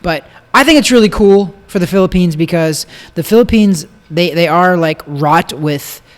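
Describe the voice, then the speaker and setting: A man's voice: high-pitched, normal speed, big-room sound. A man co-hosting a casual boxing podcast, talking at length and explaining the details. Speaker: podcast co-host, boxing analyst. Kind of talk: casual chat.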